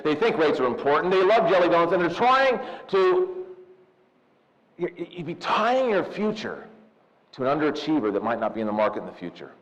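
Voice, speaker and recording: A man of about fifty from Southern California, giving a lively, jokey seminar talk and telling stories to loan officers, often calling them "you guys.". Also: on the high side, moderate pace. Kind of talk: live seminar talk with personal storytelling. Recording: echoey hall, dull lo-fi sound.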